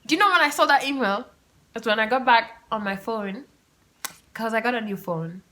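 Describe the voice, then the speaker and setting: A young woman hosting her own podcast, telling a story in a chatty, animated, self-mocking way. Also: on the high side, moderate pace. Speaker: podcast host. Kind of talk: casual solo storytelling. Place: room at home with the windows open.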